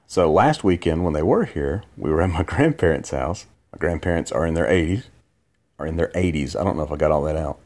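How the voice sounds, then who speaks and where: Drowsy deep-voiced man rambling. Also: animated, a little fast, darkish tone. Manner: rambling, drowsy storytelling with many restarts. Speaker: podcast host. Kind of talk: late-night casual monologue. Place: in bed at home.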